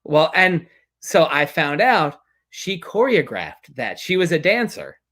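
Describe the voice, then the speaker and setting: A man hosting an interview in relaxed casual chat, with fillers and friendly agreement. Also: on the high side, takes it slowly. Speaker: interview host.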